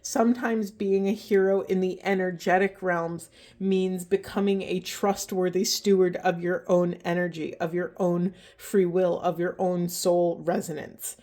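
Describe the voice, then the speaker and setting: A woman giving a slow, halting spiritual card reading, emotional, with heavy breathing and a trembling voice. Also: fairly low pitch, level tone, mellow. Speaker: oracle card reader.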